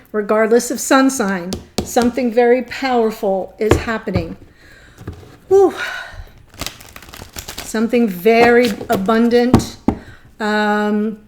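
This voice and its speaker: A woman giving a gushing, excitable tarot reading, choked up and near tears. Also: a little high. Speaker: tarot reader.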